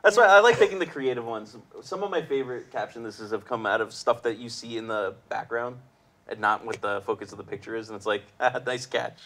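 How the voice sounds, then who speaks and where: A man's voice: mid-range voice, fairly quick, fairly bright tone. Laughing, jokey man hosting a livestream. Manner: jokey, laughs often between remarks. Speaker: host of a weekly live show. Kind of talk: casual livestream chat.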